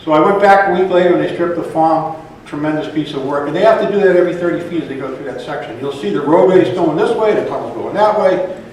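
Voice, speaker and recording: A man's voice: a little high, darkish tone, a little hiss or hum. Plainspoken man in an echoey hall. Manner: plainspoken, halting with restarts. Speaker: speaker at worker reception. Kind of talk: informal speech to an audience. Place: large echoey reception hall. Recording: echoey hall, mic from far off.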